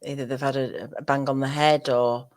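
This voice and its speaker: A woman's voice: a bass voice, level tone, moderate pace. Northern English woman hosting, hesitant. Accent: plain Northern English. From northern England. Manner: hesitant, many restarts and fillers. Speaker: host. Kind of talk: casual conversation.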